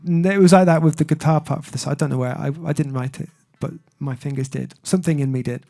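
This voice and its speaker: A man's voice: a little high, fairly even intonation, fast, creaky, dark tone. A man chatting casually on his music livestream, rambling and self-deprecating, with lots of fillers. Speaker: singer-songwriter streamer.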